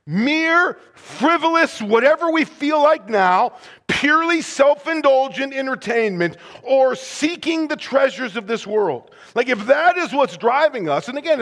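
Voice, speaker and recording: A man preaching a sermon as pastor, conversational and animated, full of rhetorical questions. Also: extremely high pitch.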